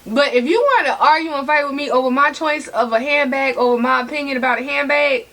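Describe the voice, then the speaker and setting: A woman vlogs about handbags while eating, chatting sassily and straight to her viewers, sometimes with her mouth full. Her high voice is steady in tone, fast and fairly bright.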